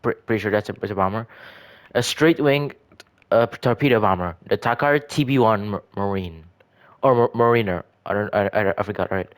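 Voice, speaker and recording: A gaming video creator with a lowish voice talks a little fast, giving loose, rambling commentary on his own game builds. He hesitates a lot, often stumbling, restarting sentences and correcting himself.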